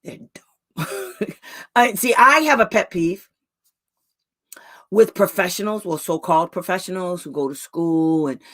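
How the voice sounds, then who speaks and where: A woman's voice: fairly low pitch, measured pace, long pauses, fairly bright tone. A woman special education advocate talking to parents in a blunt, angry rant, raising her voice at times and laughing between outbursts. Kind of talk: heated live talk to parents.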